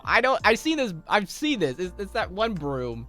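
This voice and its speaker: A man's voice: sits high, big pitch swings, fast, few pauses, bright, forceful tone, faint music behind. A man streaming from home, chatting casually with his viewers, rambling through stories with lots of laughter and restarts.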